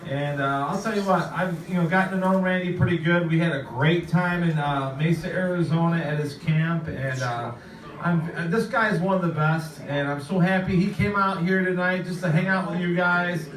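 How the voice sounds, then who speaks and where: A man's voice: high voice, moderate pace. A man introducing a guest in a casual, enthusiastic way, with many fillers. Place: club event room. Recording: roomy hall, distant mic.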